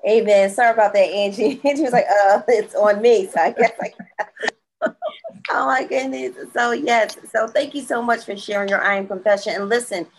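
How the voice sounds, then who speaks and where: A woman with a slightly husky voice hosts a motivational morning show. She sounds upbeat and encouraging and laughs easily. She is heard over a video call. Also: on the high side, fairly quick, poor audio. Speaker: host.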